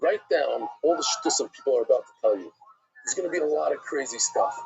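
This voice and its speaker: A middle-aged man, a rabbi, teaching a casual Talmud class in a chatty, animated way, dropping Hebrew and Yiddish words into his English. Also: mid-range voice, fairly quick, gravelly, a little hiss or hum, poor audio.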